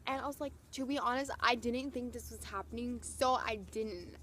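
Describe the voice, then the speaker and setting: A woman's voice: on the high side, fairly even intonation, moderate pace, fairly bright tone, a little hiss or hum. Gushing young woman telling a story. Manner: gushing, breathless, lots of "like" and "oh my gosh". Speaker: vlogger. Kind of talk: excited storytelling vlog.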